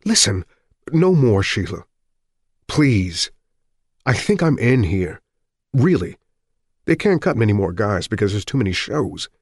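A man's voice: fairly low pitch, big pitch swings, a little slow, pauses often, breathy edge, no room sound, heavily acted. A man reading an audiobook voices a desperate, bitter working-class husband who sounds tense and pleading.

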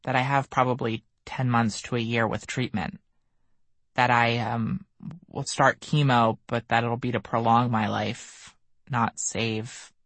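A man's voice: a little high, steady tone, normal speed, fairly bright tone, no echo. A man voicing a young man with terminal cancer, frightened and tearful, pleading through sobs. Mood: quietly defeated. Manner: sobbing, pleading.

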